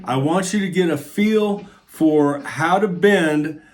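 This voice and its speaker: A man's voice: fairly high pitch, slow pace. A middle-aged man giving a casual guitar lesson, talking in a friendly, encouraging way and thinking aloud as he shows the moves. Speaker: guitar teacher. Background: guitar playing.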